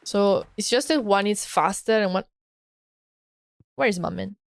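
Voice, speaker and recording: A woman's voice: medium pitch, measured pace, gravelly, no room sound. A woman from Italy speaking with an Italian accent, chatting casually and playfully with viewers on a live stream and laughing often.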